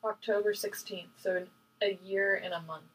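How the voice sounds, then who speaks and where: A young woman co-hosting a casual podcast with her mother, chatting and slowly reading old letters aloud. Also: mid-range voice, fairly even intonation, a crowd in the background, low-quality recording. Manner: reads letters out slowly, emotional. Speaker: podcast co-host.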